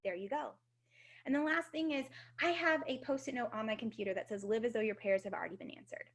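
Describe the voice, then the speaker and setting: A woman's voice: fairly high pitch, fast. A woman, likely in her thirties, giving a casual, upbeat motivational talk on a video team call, swearing now and then. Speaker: guest speaker.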